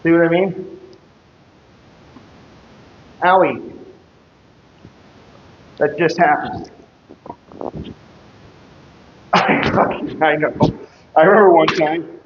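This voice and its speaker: A man tells a rambling, profanity-laced story on a live stream, his voice sitting a touch high. The sound is dull and lo-fi, carrying a long hall reverb and steady background noise. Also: drawn-out words, long pauses. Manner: profane, rambling, laughs while telling stories. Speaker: fitness streamer. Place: gym, echoey room.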